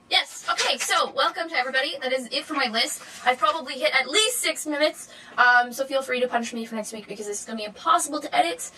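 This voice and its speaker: A young woman chats to her camera in a rambling, unscripted way, stumbling through fillers and corrections. Her voice sits a little high and sounds bright and sharp, and now and then it jumps up into an excited squeal. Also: low-quality recording. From Canada. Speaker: vlogger. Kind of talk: casual chatty vlog monologue.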